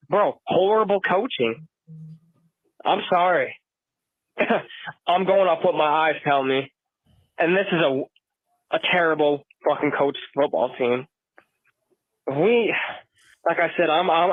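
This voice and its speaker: Swearing fired-up guy ranting on a sports podcast, kinda high voice, tinny phone-ish sound. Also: a little slow, pauses often, dry recording. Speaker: podcast co-host. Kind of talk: heated sports reaction rant. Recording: dry tinny phone-like audio.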